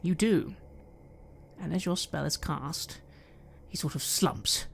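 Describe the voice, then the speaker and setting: A woman's voice: sits low, slow, vocal fry, a little hiss or hum. A woman running a tabletop game as game master, describing scenes and asking players what they do.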